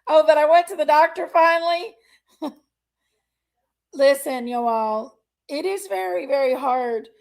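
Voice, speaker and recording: Hosting a livestream, a woman greets her viewers one by name, chatty and fond of saying honey and y'all. Her high voice has a gravelly fry and a darkish tone, and she speaks unhurriedly with frequent pauses as she shares her struggles openly and with feeling.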